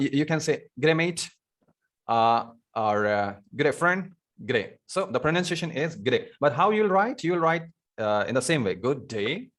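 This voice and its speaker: A man teaching a live online spoken English class, talking with many fillers and repeated words over a video call. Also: medium pitch.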